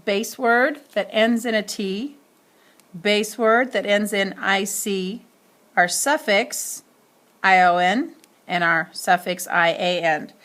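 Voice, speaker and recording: A woman's voice: medium pitch, a bit bright. A woman teacher giving a spelling lesson, speaking carefully and spelling words out letter by letter.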